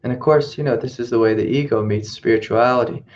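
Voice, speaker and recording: Speaking quickly in a mid-range, somewhat mellow voice, a male spiritual teacher reflects through a story in a satsang talk and keeps returning to the same phrases. It's captured in dull, lo-fi webcast sound.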